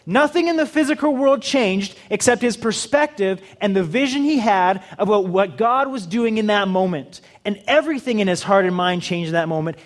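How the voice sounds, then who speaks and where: A man preaching a sermon in a humorous, conversational way, acting out little dialogues with the audience. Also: high-pitched. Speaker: pastor.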